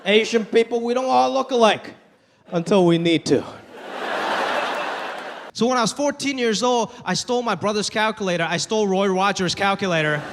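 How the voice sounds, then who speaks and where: A man in his thirties doing an animated, self-deprecating stand-up comedy routine on stage. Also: high voice, moderate pace, gravelly, noisy background. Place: comedy stage before a live audience. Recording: live club with audience laughter.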